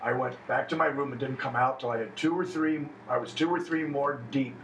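A man's voice: medium pitch, steady tone, a little fast, fairly bright tone, a little hiss or hum. A man, a stand-up comedian, chatting casually with other comics, rambling and acting out lines he quotes. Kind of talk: casual chat among comedians. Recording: echoey room, mic at a distance.

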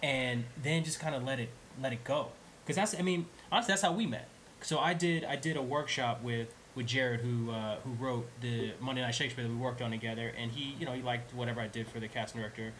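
A man's voice: mid-range voice, fast, fairly bright tone, a little hiss or hum, low-quality recording. A man, an actor, talking in casual conversation, earnest and reflective, often restarting his phrases.

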